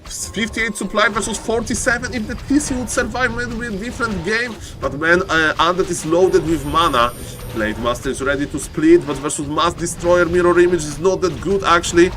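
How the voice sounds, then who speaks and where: High-voiced guy casting a game live, excitable, jokey, shouts at players to produce. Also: a little fast, background noise. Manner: excitable, keeps saying ladies and gentlemen, joking. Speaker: esports caster.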